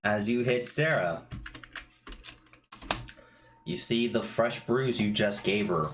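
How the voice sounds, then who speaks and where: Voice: medium pitch, takes it slowly, long pauses, a little hiss or hum. A game master narrating a tabletop game in a casual way, swearing freely and checking rules aloud.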